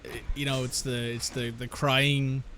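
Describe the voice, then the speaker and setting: A man's voice: mid-range voice, little pitch movement, measured pace, sharp tone, a little hiss or hum. A man chatting casually while playing a video game, rambling and joking as he interrupts himself. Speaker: gamer commentating gameplay with friends. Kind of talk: casual gameplay commentary.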